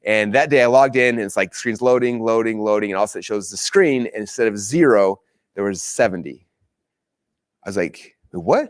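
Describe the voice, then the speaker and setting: A man hosting a course, telling a personal story with excitement and acting out his own past lines. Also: lowish voice, a little fast, clean tone, no room sound. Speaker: course host. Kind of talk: animated storytelling.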